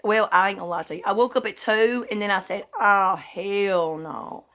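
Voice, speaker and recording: A woman's voice: medium pitch, fairly bright tone. Drowsy, chatty woman livestreaming. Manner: greets viewers by name, loose and chatty; slightly slow and drowsy, just woke up. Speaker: livestream host. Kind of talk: casual livestream chat.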